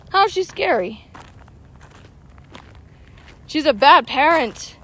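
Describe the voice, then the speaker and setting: A woman streaming a mobile game outdoors, chatting excitedly with viewers and arguing back at them. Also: high-pitched, slow pace, long pauses. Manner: excitable, argues back at chat. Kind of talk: casual chat with viewers while playing. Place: outdoors, walking.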